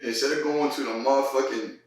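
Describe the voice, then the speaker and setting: A man's voice: mid-range voice, fairly even intonation, fairly quick, a little hiss or hum. A man telling a long story in casual chat, rambling with lots of slang and laughter. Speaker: podcast host. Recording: roomy echo, a bit far from mic.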